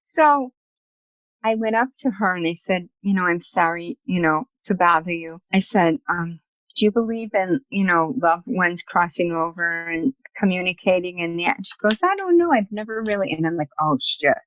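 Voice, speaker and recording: A woman guest on a podcast interview, telling personal stories in a lively, chatty way and acting out the dialogue. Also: lowish voice, normal speed, dry recording, rough recording. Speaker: guest, spiritual medium. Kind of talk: casual storytelling in an interview.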